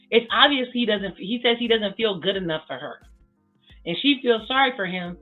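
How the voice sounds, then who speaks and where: A woman giving blunt, sassy casual commentary as she recaps a reality TV episode, swearing freely. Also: medium pitch. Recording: tinny phone-like sound with faint music.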